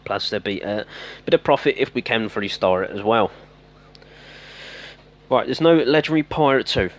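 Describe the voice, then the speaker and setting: A man's voice: medium pitch, lively intonation, normal speed. A man casually commentating his own game play, rambling and getting exasperated at his troops. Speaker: gameplay commentator.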